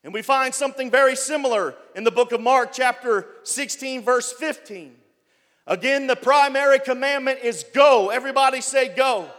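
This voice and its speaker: A man preaching a sermon as pastor, building up to loud shouted passages. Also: very high-pitched, normal speed, in a large hall. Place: church.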